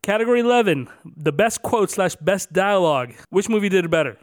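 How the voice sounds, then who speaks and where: A man's voice: sits high, animated, fairly quick, dry recording. Upbeat podcast host man, dry close sound. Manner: announces numbered categories with lifted emphasis, then chats loosely. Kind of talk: casual podcast chat.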